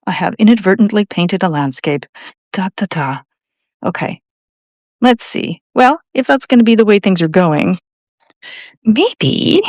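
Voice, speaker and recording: A woman's voice: fairly low pitch, no room sound, clean studio sound. A middle-aged Canadian woman giving a real-time painting lesson, chatting and thinking aloud with enthusiasm. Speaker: art tutor.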